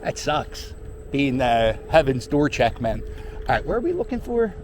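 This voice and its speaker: A man's voice: mid-range voice, very animated, normal speed, darkish tone. A middle-aged man, chatting casually and joking with some cursing as he rides through city streets. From Philadelphia. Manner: rambling, joking, profane. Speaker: vlogger riding a scooter. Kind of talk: casual chat while riding. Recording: faint street noise.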